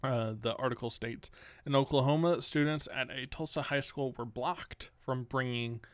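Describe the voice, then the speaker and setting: A man hosting a solo news commentary podcast, reading news items aloud and cutting in with sarcastic, exasperated remarks that jump up in pitch. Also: fairly even intonation, normal speed, no room sound. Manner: reads news items, then rants sarcastically; exasperated outbursts with rising pitch. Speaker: podcast host.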